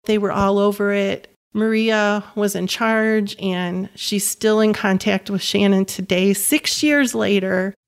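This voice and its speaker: A woman's voice: mid-range voice, fairly even intonation, slow pace, hardly any pauses, clean tone. A woman in her fifties, a caregiving mother telling her story as an interview guest, earnest and emphatic, repeating words for stress. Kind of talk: personal storytelling in conversation.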